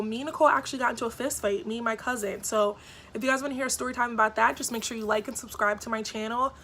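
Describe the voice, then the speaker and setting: A young woman in her twenties vlogging a storytime, retelling events in a lively way with lots of "like" and acted-out quotes. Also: a little high, slight background noise. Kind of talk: storytime vlog.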